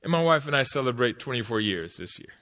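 A man in his forties preaching an energetic sermon with comic stories, laughing often and shouting at the peaks. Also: medium pitch, fast talker, background noise.

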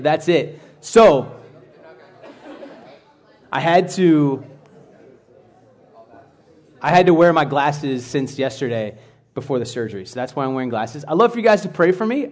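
A man's voice: a little high, a little mellow. Chatty man giving a casual sermon. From United States. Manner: chatty, rambling with asides and restarts. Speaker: church speaker.

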